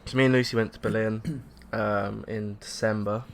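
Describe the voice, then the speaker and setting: A man's voice: lowish voice, normal speed, crowd noise. Young English man telling a story. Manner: animated storyteller, acts out quotes, laughs often. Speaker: podcast co-host. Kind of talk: casual chat.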